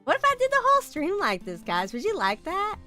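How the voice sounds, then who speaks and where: Woman doing a Southern belle, American Southern twang, raised pitch, drawling, teasing. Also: wildly swooping pitch, fairly quick, sharp tone, soft background music, full character voice.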